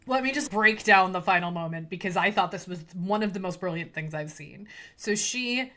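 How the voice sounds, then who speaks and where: A woman's voice: mid-range voice, normal speed, a bit bright. A woman co-hosting a podcast, eagerly retelling film scenes step by step in casual chat. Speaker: podcast co-host.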